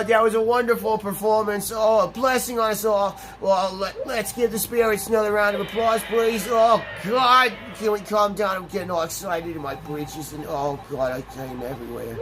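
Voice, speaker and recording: A man voicing an excitable, hammy male festival announcer in a game, gushing and crude. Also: high-pitched, normal speed, voice pushed up, natural voice, low-quality recording. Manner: gushing, over-the-top, crude asides.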